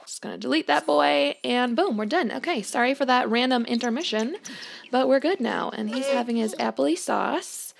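Woman, chatty gameplay commentary, slightly high voice, gravelly fry, giggly, talks to characters. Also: moderate pace. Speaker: gameplay streamer. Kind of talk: casual let's-play commentary. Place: home room.

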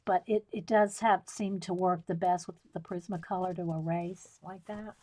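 A woman's voice: on the low side, fairly even intonation, normal speed, warm tone. A woman hosting a live coloring tutorial, chatting casually, laughing often and answering viewers by name. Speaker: coloring tutorial livestream host.

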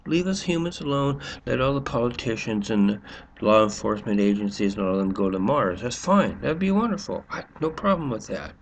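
Gravelly rambling man. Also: medium pitch, expressive, brisk, a little hiss or hum. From United States. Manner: rambling, sarcastic, full of restarts and fillers. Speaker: vlogger. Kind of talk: rambling monologue to camera.

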